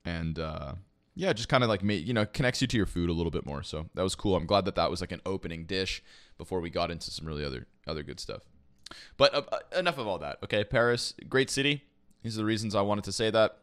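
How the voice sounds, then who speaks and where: A man's voice: deep voice, fast talker, fairly bright tone, no echo, studio quality. A young man from Quebec telling a casual, rambling story, swearing freely and filling gaps with "you know" and "like". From Quebec, Canada. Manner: rambling, profane, full of fillers like "you know". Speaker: esports caster and podcast host.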